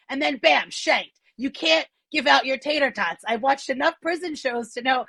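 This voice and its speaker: A woman comedian doing animated, self-deprecating stand-up from home over a video call on her phone. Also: high voice, fairly quick, gravelly, few pauses, no echo.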